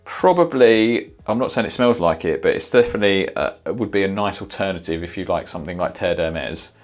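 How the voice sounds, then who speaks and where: A man's voice: sits low, animated, a little fast, faint music behind. A man casually reviewing fragrances, thinking aloud with many fillers and reacting as he smells each one. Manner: sniffs and reacts in the moment.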